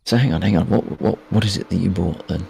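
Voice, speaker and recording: Super low gravelly guy ribbing his buddy on stream, dry and sarcastic. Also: fast talker, mellow, a little hiss or hum. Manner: dry, teasing, sardonic. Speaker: stream host. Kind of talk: casual gaming chat.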